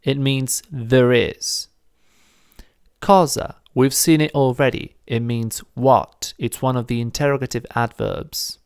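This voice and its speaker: A man gives a video grammar lesson, walking through each phrase patiently and saying examples twice. His voice has a gravelly edge yet stays smooth and clear. The sound is dry and close, with no room echo. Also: medium pitch, fairly even intonation. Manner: patient, explains step by step, repeats phrases slowly. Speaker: Italian language teacher.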